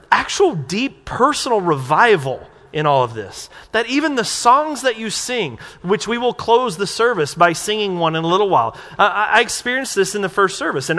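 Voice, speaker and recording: A pastor preaching to his congregation in a loose, conversational way, tossing them questions. His voice sits high and sounds bright and forceful. It rings out with the long reverb of a church hall. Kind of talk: sermon. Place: church sanctuary.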